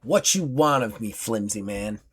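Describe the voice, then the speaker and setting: A man voicing a tough, muscular woman fighter who speaks in halting, broken sentences. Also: fairly low pitch, lively intonation, husky. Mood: scornful.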